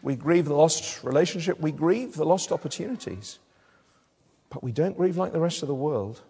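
A man's voice: fairly high pitch, a little mellow, slightly rough. A man preaching a sermon in a conversational way, asking his listeners tag questions and often restarting his words. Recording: long hall reverb.

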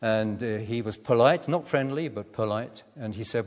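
An older man preaching a sermon, telling a personal story in a measured way with gentle humour. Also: medium pitch. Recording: echoey hall.

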